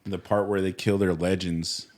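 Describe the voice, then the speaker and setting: A man's voice: low-pitched, little pitch movement, moderate pace, a little mellow. A man co-hosting a podcast in casual chat, slangy and swearing, laughing often. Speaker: podcast co-host.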